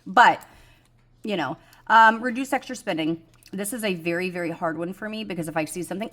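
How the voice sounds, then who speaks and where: A woman's voice: lowish voice, brisk, a bit bright. A middle-aged woman, chatting frankly about her budget goals, rambling with many ums and poking fun at herself. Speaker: budgeting vlogger. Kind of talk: casual chat to camera.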